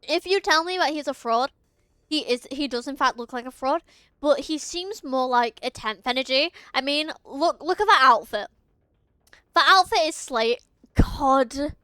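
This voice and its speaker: A woman's voice: high voice, animated, moderate pace, sharp tone, no echo. A young woman streaming a game, chatting casually with her viewers, giggling and tripping over her words. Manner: giggly, chatty, often talks to chat, trips over words.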